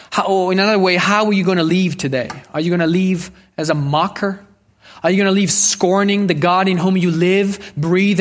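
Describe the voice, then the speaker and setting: A male preacher delivers a sermon with an earnest, pleading manner. He repeats his key phrases for emphasis, and his voice sits somewhat high for a man.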